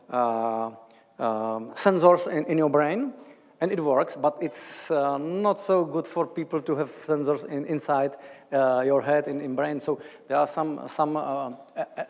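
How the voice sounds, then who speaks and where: A man answering audience questions after a lecture, halting and thinking aloud with many restarts. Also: fairly high pitch, darkish tone. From Czech Republic. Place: large lecture hall. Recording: lecture hall with long reverb.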